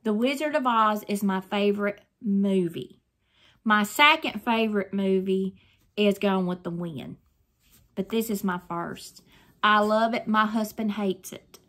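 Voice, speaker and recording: A woman's voice: medium pitch, unhurried, fairly bright tone. An older woman, chatting effusively to her viewers while opening mail in a casual vlog. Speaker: craft vlogger.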